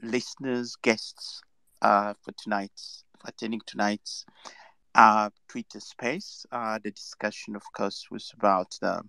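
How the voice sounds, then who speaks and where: A man with a Ugandan English accent hosting and closing an online audio discussion, halting with many fillers. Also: on the low side, steady tone, creaky, pushed and bright, clean tone, no room sound. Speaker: host.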